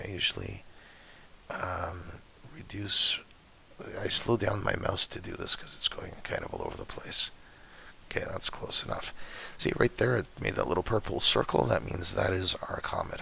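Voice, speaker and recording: A man with a low, heavily gravelly voice that keeps cutting out, talking through a screen-recorded tutorial. His tone is bright and edgy despite the rasp, and he explains each click in a casual, chatty way with plenty of fillers. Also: a little hiss or hum. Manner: relaxed, chatty, step-by-step with fillers. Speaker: astrophotography tutorial maker. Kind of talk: screen-recorded software walkthrough.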